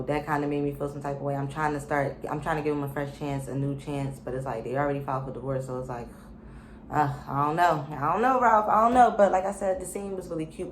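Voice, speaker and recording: A woman's voice: deep voice, roomy sound, a little hiss or hum. A woman casually recapping a reality show, chatty and opinionated, with lots of fillers and slang.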